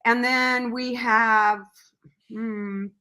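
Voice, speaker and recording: A middle-aged woman telling a personal story as an interview guest, earnest and animated, acting out what people said. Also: on the high side, drawn-out words. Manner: earnest, animated storyteller who acts out quotes. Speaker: podcast guest, nonprofit founder.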